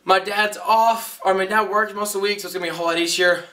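A young man giving a rambling, excitable vlog update, heard through a camera mic a little way off. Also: high voice, quick pace, distant mic. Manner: rambling, excitable, self-correcting. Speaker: vlogger.

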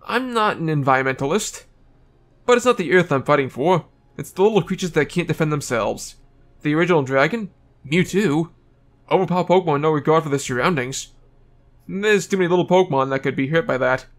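A man's voice: fairly high pitch, fairly quick, natural voice. A man reading game lines as a brash, crude and admiring game character. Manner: crude, enthusiastic.

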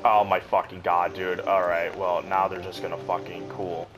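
A man's voice: deep voice, completely flat delivery, normal speed, rough recording. A young man commentating casually over gameplay, crude and joking, swearing a lot. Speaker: gamer. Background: game music.

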